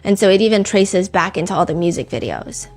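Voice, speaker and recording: Woman host, conversational true-crime storyteller, filler-heavy, mid-pitched. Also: lively intonation, brisk, faint music behind. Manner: chatty, frequent "like" and "you know" fillers. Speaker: podcast host.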